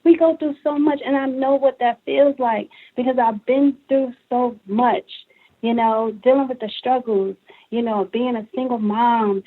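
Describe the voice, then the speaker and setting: Brooklyn-born woman, guest author, emotional animated storyteller, slightly high voice, tinny phone line. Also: a little slow, slightly rough. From Brooklyn, New York. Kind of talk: interview on a call-in talk show.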